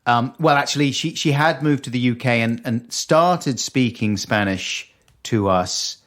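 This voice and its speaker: A man's voice: medium pitch, unhurried, fairly bright tone. A man hosting a podcast, chatting in a thoughtful, musing way in a home kitchen. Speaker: podcast host. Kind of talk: casual conversation.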